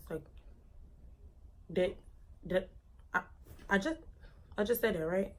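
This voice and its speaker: A woman's voice: medium pitch, slow, pauses often. A young woman vlogger telling a personal story in a casual, dramatic, slangy way.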